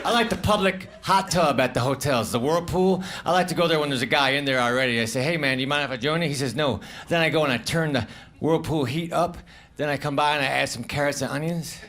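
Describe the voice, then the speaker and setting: Deadpan stand-up man, high voice. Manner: deadpan one-liners, slow drawling delivery. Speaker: stand-up comedian. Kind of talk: stand-up comedy set. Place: comedy club stage before a live audience. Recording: roomy live club recording, crowd noise.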